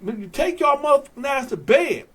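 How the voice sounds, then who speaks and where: A man's voice: extremely high pitch, animated, moderate pace, a bit bright. A man voicing an angry male jail officer who barks profane orders. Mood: barking.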